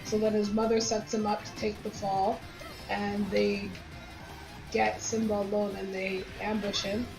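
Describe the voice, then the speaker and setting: A woman's voice: medium pitch, a little slow, vocal fry. A woman chatting with friends while gaming, retelling a movie plot and swearing casually. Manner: animated storyteller, swears casually. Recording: roomy sound with game music.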